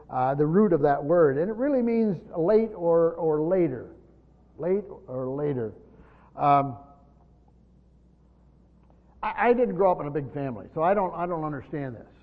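Man, Bible teacher, conversational explaining, slightly high voice, muffled recording. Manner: conversational, explanatory, often restarting phrases. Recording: dull lo-fi recording in a reverberant hall.

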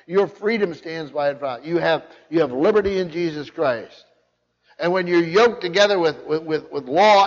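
A man's voice: a little high, moderate pace. A man preaching an expository sermon as pastor, emphatic, repeating key phrases for weight and restarting often. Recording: muffled sound with long hall reverb.

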